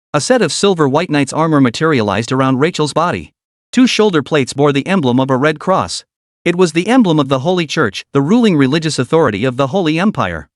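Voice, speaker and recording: Lively dramatic male story narrator. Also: a little high, fairly quick, no room sound, clean studio sound.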